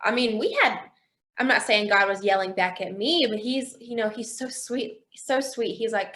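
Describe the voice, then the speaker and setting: Young woman, guest, telling her testimony with acted-out quotes, voice on the higher side. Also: moderate pace, slight background noise. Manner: expressive storyteller, acts out quoted dialogue. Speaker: interview guest. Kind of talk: conversational faith testimony.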